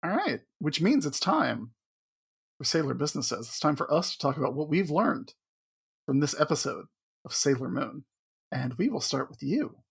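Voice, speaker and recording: A man co-hosting a podcast, chatting casually, making wry deadpan jokes and steering the show's segments. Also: a little high, normal speed, gravelly, husky. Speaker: podcast co-host.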